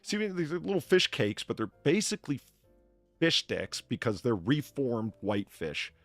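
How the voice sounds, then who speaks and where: A man's voice: medium pitch, big pitch swings, normal speed, no echo, soft background music. A man hosting a casual chat, rambling with many fillers and restarts. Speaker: podcast host.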